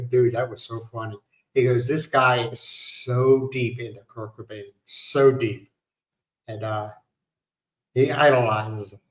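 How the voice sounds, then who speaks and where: Man telling stories in a roomy space. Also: mid-range voice. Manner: storytelling, laughing at his own punchlines. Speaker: livestream host. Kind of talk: casual chat.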